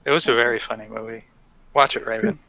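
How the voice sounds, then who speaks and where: A man's voice: medium pitch, quick pace, vocal fry, bright, forceful tone, low-quality recording. A man co-hosting a casual chill stream, teasing his friends with dry wisecracks. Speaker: co-host.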